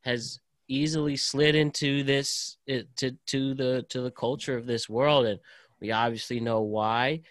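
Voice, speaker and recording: A man co-hosting a podcast in casual chat, talking in a rambling way with halting restarts. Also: medium pitch, fairly even intonation, no echo, clean studio sound. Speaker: podcast co-host.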